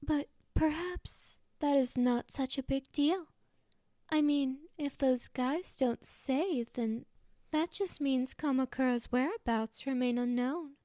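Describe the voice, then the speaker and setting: A cocky, capricious teenage girl schemer speaks in a shrill, high voice, as a woman reads her. She flips between bubbly teasing and flat deadpan. The sound of this fan audiobook is dry and close, with no room in it. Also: a little slow, dry recording. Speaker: audiobook voice actor. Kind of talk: fan audiobook character reading.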